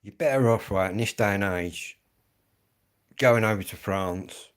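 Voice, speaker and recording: A man in his fifties with an English accent holds forth in a live stream, blunt and full of swearing. His voice sits fairly low, and he keeps up a ranting monologue. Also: a little slow. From England. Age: 50s. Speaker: livestreamer.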